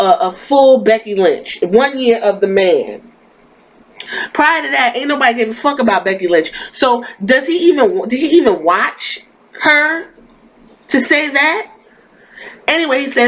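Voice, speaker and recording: Woman podcast host, slightly high voice, blunt and profane, ranting commentary. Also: low-quality recording.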